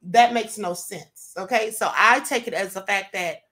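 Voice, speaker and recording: A woman's voice: medium pitch, normal speed, pushed and bright. A woman hosting her own show, giving indignant commentary full of rhetorical questions. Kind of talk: casual commentary.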